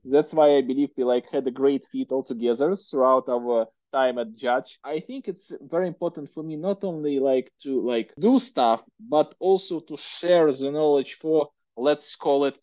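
A man's voice: fairly high pitch, darkish tone, no echo. Russian-accented man, chatty, lo-fi. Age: 30s. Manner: chatty, many fillers like "like" and "you know". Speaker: guest entrepreneur. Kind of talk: casual interview conversation.

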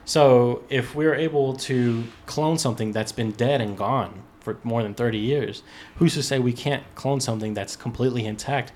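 A man's voice: mid-range voice, moderate pace, a little mellow, a little hiss or hum. A man hosting a casual podcast, reading out an article with loose, profane asides and stumbling restarts. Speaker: podcast host.

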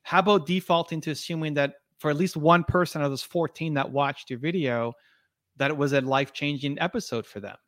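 A man's voice: a little high, fairly even intonation, a little fast, fairly bright tone, dry recording, studio quality. A man speaking as a podcast guest in an earnest, motivational way, with frequent restarts and fillers. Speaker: podcast guest, video creator. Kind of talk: conversational interview.

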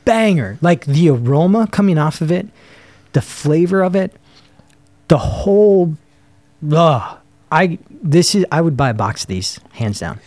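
An excitable man chatting casually as a podcast co-host, his voice sitting a little higher than most men's. He often trails off mid-sentence while reaching for a word. The sound is dry and close, with no room around it. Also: measured pace, dry recording. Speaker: podcast co-host reviewing cigars. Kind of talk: casual chat.

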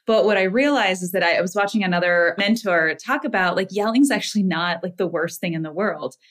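A woman's voice: fairly low pitch, fairly bright tone. A woman guest on a podcast, a mother and wellness coach, telling candid stories with laughter and filler words. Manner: candid, laughing storyteller with many "like"s. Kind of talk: casual interview chat.

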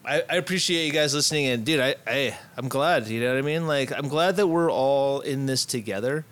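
A man's voice: medium pitch, brisk, fairly bright tone. Easygoing slangy male podcaster. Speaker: podcast co-host. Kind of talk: casual podcast chat.

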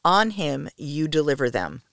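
A woman's voice: low-pitched, very animated, unhurried, vocal fry, fairly bright tone, no room sound, studio quality, exaggerated voice. A woman voicing a haughty, domineering duchess who gives cold, clipped orders.

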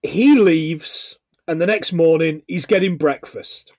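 A man's voice: a little high, slow, darkish tone, no room sound, clean studio sound. A man in his forties co-hosting a casual film podcast, recapping the plot with jokey asides and frequent laughter. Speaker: podcast co-host.

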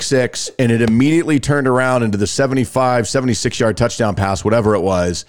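A man hosting a casual sports podcast, chatty and often laughing as he introduces clips. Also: mid-range voice. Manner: chatty, laughing, animated storyteller. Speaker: podcast host.

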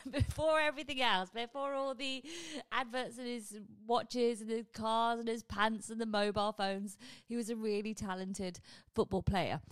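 A woman's voice: mid-range voice, no room sound. Chatty woman vlogger, dry close sound. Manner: chatty and rambling, quick asides to viewers. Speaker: vlog host. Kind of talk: casual chat.

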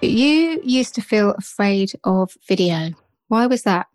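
A woman from the north of England, raised in Kent, hosting a podcast in an upbeat, clear manner. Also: medium pitch, animated, slow, a little mellow, soft background music. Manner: upbeat, clear scripted intro. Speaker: podcast host.

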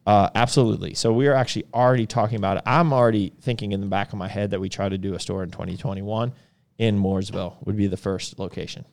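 A man co-hosting a casual podcast, talking in a relaxed, rambling way with lots of fillers. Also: lowish voice, quick pace. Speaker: podcast co-host, supplement store owner.

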